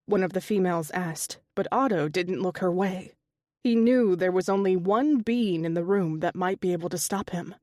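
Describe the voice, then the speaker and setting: A woman narrating an audiobook in an even, steady storytelling voice. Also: mid-range voice, unhurried, no echo, studio quality. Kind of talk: scripted narration.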